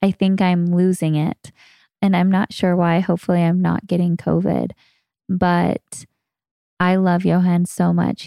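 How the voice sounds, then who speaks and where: A woman hosting a podcast, talking casually and earnestly with a hoarse, raspy voice. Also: low voice, warm tone, no echo, studio quality. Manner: earnest, chatty. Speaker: podcast host.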